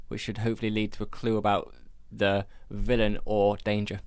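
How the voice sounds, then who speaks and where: A man in a casual talk show chat, wry and asking quick questions. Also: fairly low pitch, monotone, smooth, dry recording, studio quality. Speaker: podcast co-host.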